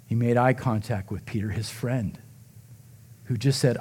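A man preaching a sermon as pastor, retelling the story dramatically, acting out the quoted voices and dropping to a near hush at emotional moments. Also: medium pitch, steady tone, measured pace, slightly rough.

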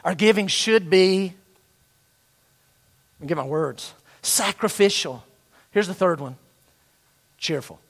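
A middle-aged man with a fairly high voice delivers a sermon. He tells a story with energy and switches into the voices of students and their coach as he goes. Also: slow, long pauses. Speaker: pastor.

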